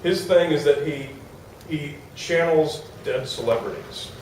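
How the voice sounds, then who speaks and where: An animated man tells a comic story to a live audience, voicing the people in it. His mid-range voice rings through a roomy hall, picked up from a little way off the mic with a faint hiss behind it. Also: a little high, a little slow, recorded from a distance. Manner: animated, acts out quotes, laughs while telling. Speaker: storyteller on stage.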